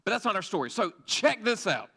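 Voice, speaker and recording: A young preacher with a high, ringing voice talks to his youth group like a friend. He jumps between storytelling, quick jokes and acted-out lines, bright and energetic throughout. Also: slightly rough. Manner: energetic, conversational, jokey asides and acted-out quotes. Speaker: youth pastor. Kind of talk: sermon.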